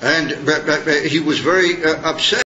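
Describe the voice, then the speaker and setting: A man's voice: a little high, steady tone, moderate pace, highs cut off, background noise. A man teaching a Torah class in a chatty, searching way, mixing in Hebrew and Yiddish terms.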